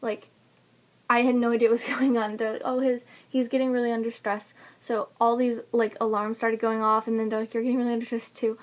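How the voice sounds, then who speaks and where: Young mom chatting about her birth story, kinda high voice, laughs a lot, lots of um and like. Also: flat delivery, quick pace, few pauses. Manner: chatty, laughs often, many fillers. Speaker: new mother telling her birth story. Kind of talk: casual personal vlog storytelling.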